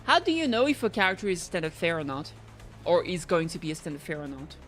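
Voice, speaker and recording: A woman streaming a game, chatting in an excitable, rambling way, swearing and reading game lines aloud. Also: fairly low pitch, quick pace, soft background music. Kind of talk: casual gameplay chat.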